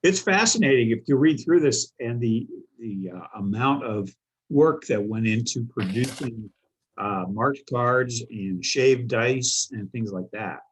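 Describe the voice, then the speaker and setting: A man on a collectors' panel, speaking in halting sentences full of restarts. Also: mid-range voice, lively intonation, husky, low-quality recording. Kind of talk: casual panel chat.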